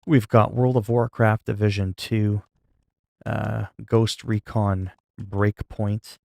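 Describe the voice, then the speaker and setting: A laid-back male livestreamer chats casually with viewers in a low, gravelly voice that sounds sleepy and flat. His manner is low-key, calm, and unhurried rather than hyped, and the clean studio recording has no room sound.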